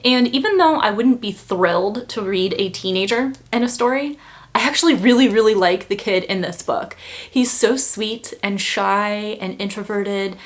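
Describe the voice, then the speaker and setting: A woman's voice: mid-range voice, moderate pace. A young woman talking casually about her favorite books, chatty and full of fillers, getting emphatic when she feels strongly. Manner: chatty, lots of "like" fillers, gets heated and emphatic. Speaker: book reviewer. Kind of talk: casual chat.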